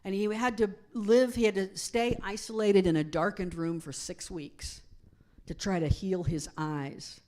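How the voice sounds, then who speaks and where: A woman's voice: mid-range voice, measured pace. Woman minister preaching conversationally. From United States. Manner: conversational, asks the congregation questions; animated storytelling, softening to hushed emphasis. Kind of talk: sermon. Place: church sanctuary.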